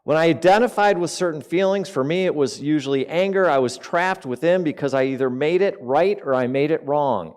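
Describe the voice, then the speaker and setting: A man delivers an informal sermon to a spiritual community in an easy, conversational tone. His voice keeps jumping between forceful bursts of emphasis and soft, low asides. He often turns to his listeners with direct questions. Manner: conversational, with sharp swings between loud emphasis and quiet asides; asks the audience questions.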